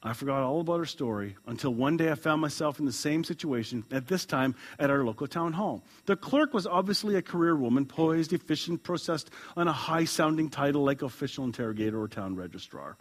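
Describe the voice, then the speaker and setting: A man preaching a sermon as a pastor, reading a story aloud, chuckling and swinging between loud and hushed lines. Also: fairly high pitch, expressive, fairly quick, hardly any pauses.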